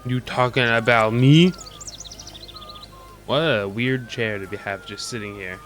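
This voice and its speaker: A man's voice: mid-range voice, measured pace, fairly bright tone, faint music behind. A man streaming a video game, joking and curious as he comments on what he sees. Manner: joking, curious, often laughing. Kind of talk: gameplay commentary.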